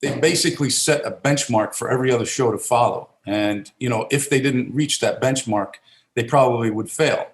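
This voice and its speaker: A man's voice: medium pitch, moderate pace, reverberant. A middle-aged man from Italy, raised in New Jersey, talking casually as an actor guest, rambling with many fillers and restarts. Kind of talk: casual interview talk.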